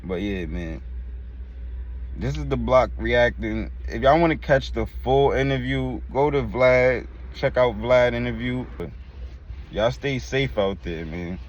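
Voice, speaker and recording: A man's voice: medium pitch, takes it slowly, lo-fi sound, slight background noise. A man hosting a reaction video, giving blunt, slang-heavy commentary. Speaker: reaction host. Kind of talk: casual commentary.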